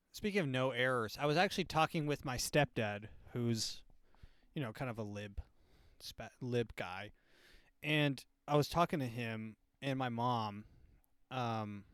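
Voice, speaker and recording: A man's voice: mid-range voice, a bit bright, clear, resonant tone. A young male comedy podcast host with a sardonic, rambling delivery that keeps circling back and restarting. His voice sits in an ordinary middle register. The sound is close and dry, with no room echo. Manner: rambling, full of filler words and restarts, sardonic.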